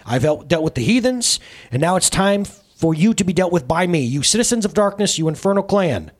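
A solemn holy man speaking with calm, commanding authority, as a man reads his lines aloud. The voice is husky, with a lively rise and fall. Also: mid-range voice, normal speed, voice pushed up. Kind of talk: dramatic reading of a book aloud.

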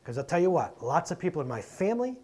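A man preaching a conversational sermon, asking rhetorical questions and swinging between loud and quiet. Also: fairly high pitch, very animated, quick pace, slightly rough. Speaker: pastor.

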